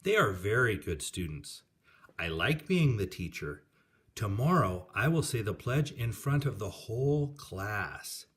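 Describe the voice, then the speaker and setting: A man calmly reading a children's picture book aloud. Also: fairly low pitch, unhurried.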